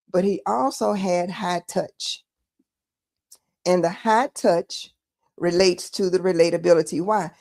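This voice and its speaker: A woman's voice: mid-range voice, mellow. A Texan woman giving casual political commentary, emphatic and repeating words for stress. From Texas.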